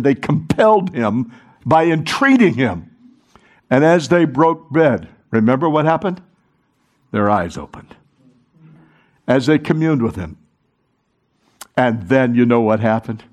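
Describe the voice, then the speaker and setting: Lively, animated male pastor preaching. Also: medium pitch, unhurried, pauses often. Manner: animated, exhorting the congregation. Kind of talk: sermon.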